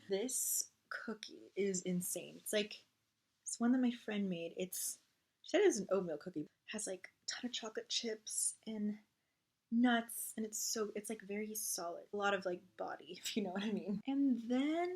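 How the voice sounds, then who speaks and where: A woman's voice: mid-range voice, a little mellow, husky. A woman in her twenties narrating a casual food vlog in a chatty, giggly way, full of fillers. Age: 20s. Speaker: vlogger.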